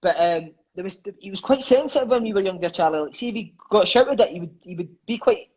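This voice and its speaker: A man's voice: high voice, fast talker, husky, highs cut off. A Scottish man in his thirties, a former footballer telling stories in a casual chat. He swears freely and keeps dropping in "mate" and "eh". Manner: lively, swears freely, peppers speech with "mate" and "eh".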